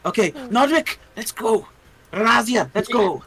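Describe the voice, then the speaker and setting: A player in a tabletop game talking smoothly and persuasively. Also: medium pitch, expressive, measured pace, crowd noise. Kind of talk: casual tabletop chat.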